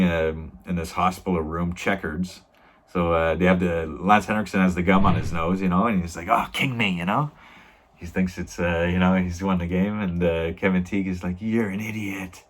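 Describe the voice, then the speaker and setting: A man with a deep, low-pitched voice reviews an old TV episode off the cuff. He rambles and restarts, leans on "you know" after nearly every thought, and drops casual swears as he retells the scenes. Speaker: video reviewer.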